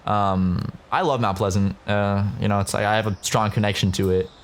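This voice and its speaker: Rambling, low-voiced young man. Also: fairly even intonation, brisk. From South Carolina. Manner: rambling, profane, lots of fillers. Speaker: podcast guest. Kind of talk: casual podcast chat.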